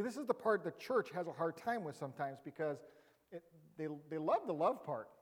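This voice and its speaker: A man's voice: high voice, darkish tone, in a large hall. A man pastor preaching a sermon in a conversational, humorous way with emphatic rising bursts.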